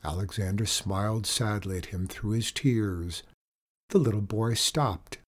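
Guy with a lowish voice reading a kids' story out loud, nice and expressive. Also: a little slow. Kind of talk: storybook read-aloud.

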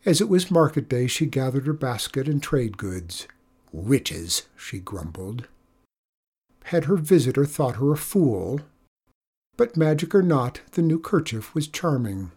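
A storyteller reading a folk tale aloud in a measured, expressive way. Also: mid-range voice, breathy edge. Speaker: narrator. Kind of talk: storybook narration.

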